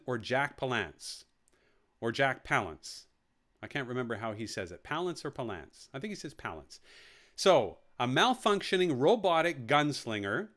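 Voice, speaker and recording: Lively quiz-host man, bouncy pitch. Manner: reads answer options aloud, repeats them, adds jokey asides. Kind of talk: live online quiz hosting.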